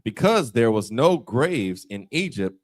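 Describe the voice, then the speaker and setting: A man reads scripture aloud in class, slow and halting, with a lively rise and fall in his pitch. His voice sounds dry and close. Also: dry recording. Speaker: student reading scripture aloud.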